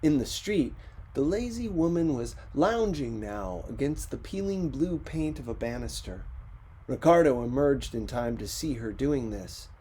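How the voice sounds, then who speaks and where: A man reading a short story aloud in slow, measured narration. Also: mid-range voice, animated, mellow, slightly rough. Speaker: reader. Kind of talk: audiobook narration.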